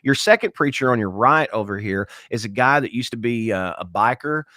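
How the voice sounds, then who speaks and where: A man's voice: medium pitch, animated, fairly quick, sharp tone, no room sound, studio quality. A man co-hosting a casual morning talk show, telling long, emphatic stories that ramble. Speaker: co-host.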